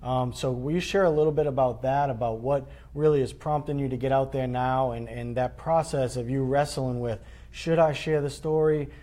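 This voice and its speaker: A man interviewing a guest for a prevention group, asking gentle, rambling questions on a low-quality live-stream video. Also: fairly even intonation, normal speed, hardly any pauses.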